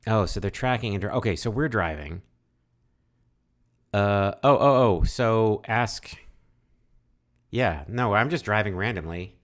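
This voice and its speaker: A man with a very low voice talks his way through a text adventure. He reads the game text aloud and thinks out loud in a chatty way, with lots of fillers and restarts. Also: a little slow, pauses often. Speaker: let's-play host. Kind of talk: casual game playthrough, reading text aloud.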